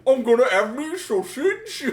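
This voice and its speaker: A man putting on a loud, aggressive middle-aged Cockney pub man, with a boisterous, drawn-out delivery. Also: very high voice, sing-song, voice pushed up, full character voice. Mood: rowdy.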